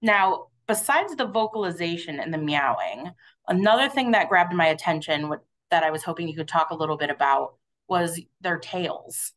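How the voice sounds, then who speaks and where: A woman's voice: on the low side, lively intonation, moderate pace, a bit bright. A woman hosting an online talk, asking curious, friendly questions over a video call. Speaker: interviewer, host. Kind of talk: webinar interview.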